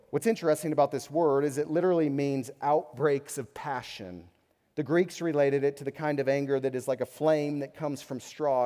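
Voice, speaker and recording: A young adult man preaching a sermon as a pastor, passionate, swinging between loud bursts and quiet reflective moments. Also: medium pitch. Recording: long hall reverb.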